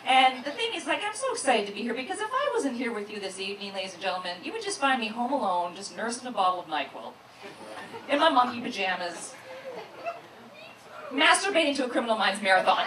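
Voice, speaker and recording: A brash female comedian works a club crowd with self-mocking punchlines, her voice high and widely swooping. The recording is distant and echoey, and loud crowd noise surrounds her. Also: very animated, quick pace. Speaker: stand-up comedian. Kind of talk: stand-up comedy set. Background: audience laughter.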